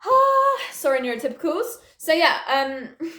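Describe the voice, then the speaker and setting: A young woman tells stories from her childhood straight to camera, her voice pitched high. She chats loosely and swears freely, breaking off for cheeky asides. The sound carries an echo from the room at home. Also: moderate pace, a bit bright. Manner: sweary, chatty, jokey asides, mimics her mum. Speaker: vlogger. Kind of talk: casual storytime chat. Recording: echoey room.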